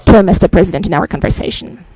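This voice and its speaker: Polish-accented man giving a measured press statement. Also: high-pitched, creaky, noisy background. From Poland. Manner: deliberate, emphatic, frequent "uh" hesitations. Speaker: visiting head of state.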